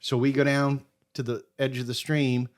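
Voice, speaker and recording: A middle-aged man from Maine, a podcast guest telling a casual hunting story in an animated way and acting out what people said. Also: mid-range voice, normal speed. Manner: animated storyteller who acts out quotes.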